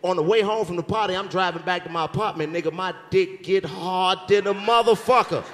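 A man's voice: high-pitched, brisk, slight background noise. A man telling a comic story on stage, acting out the people in it as he goes. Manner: animated storyteller acting out quotes. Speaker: comedian. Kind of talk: storytelling stand-up banter. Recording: live venue with long reverb.

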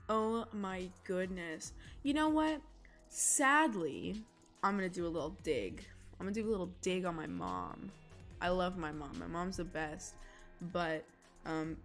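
A young woman chatting casually with her chat while she draws, giggling often and rambling about food. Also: fairly low pitch. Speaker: illustrator streaming live drawing.

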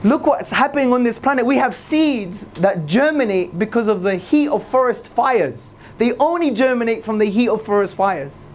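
A man giving an energetic religious lecture to a live audience, repeating key phrases for emphasis. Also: moderate pace, few pauses, slight background noise. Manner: swings between loud high emphasis and low asides. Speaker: Islamic lecturer.

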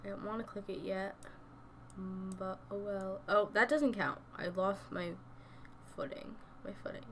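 A woman's voice: mid-range voice, steady tone, measured pace, slight background noise. A young woman giving casual gameplay commentary from home, chatty and thinking aloud, often dropping to a murmur. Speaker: gaming YouTuber.

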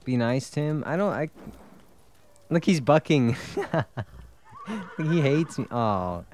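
A man's voice: mid-range voice, expressive, slow, a little mellow, slight background noise. A man streaming a video game, chatting casually, laughing often and swearing freely. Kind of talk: casual gameplay chat.

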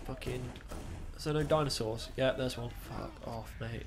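A man's voice: medium pitch, steady tone, normal speed, noisy background. A young man giving crude, sarcastic gameplay commentary as a channel host.

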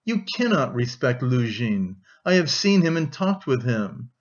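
A man's voice: medium pitch, big pitch swings, unhurried, lo-fi sound. Man as a grave, scornful young man.

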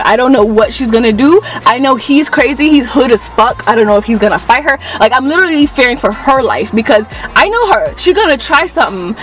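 A young woman vlogger telling a casual storytime tale in an animated, dramatic way, full of slang and swearing. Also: sits high, fairly quick, few pauses, recorded from a distance, faint music behind.

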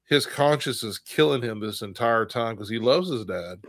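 Animated rambling man in a Bible study. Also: mid-range voice, normal speed, dry recording. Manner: rambling, animated, acts out quotes with laughs. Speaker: co-host of a Bible study show. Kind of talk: casual Bible study discussion.

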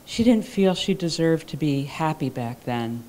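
A worn-out young man who speaks flatly and sleepily, read by a woman author from her novel. The voice stays low and matter-of-fact, with little color. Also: unhurried, noisy background. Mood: weary. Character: tired, sick young man, the narrator's brother.

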